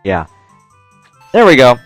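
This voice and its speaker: A man doing casual commentary over a video game, explaining tips with dry jokes and frequent "uh" pauses. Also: medium pitch, wildly swooping pitch, a bit bright, no room sound, faint music behind. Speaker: let's play commentator.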